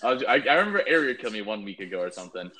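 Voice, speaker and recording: A man's voice: on the low side, very animated, very fast, sharp tone, poor audio. Laid-back young man, dude-filled chat. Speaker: gaming friend. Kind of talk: casual chat.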